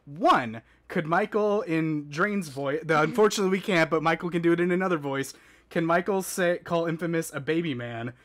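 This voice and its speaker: A man's voice: a little high, moderate pace, fairly bright tone. A man hosting a podcast, easygoing as he reads out donations. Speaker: podcast host. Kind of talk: casual podcast chat.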